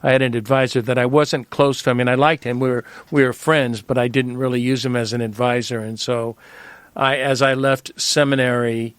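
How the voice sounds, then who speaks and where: A man's voice: mid-range voice, level tone, moderate pace, clean tone, no room sound. A man hosting a reflective conversation, affirming and thoughtful as he draws out his guest. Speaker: host.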